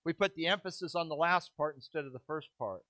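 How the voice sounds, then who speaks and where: A middle-aged male pastor delivers a sermon in a high, ringing voice, leaning hard on key words and drawing them out between pauses. He breaks the preaching with quick, self-mocking asides. The sound is close and dry, with no room echo. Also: bright, forceful tone. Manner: drops into quick asides and self-deprecating humor.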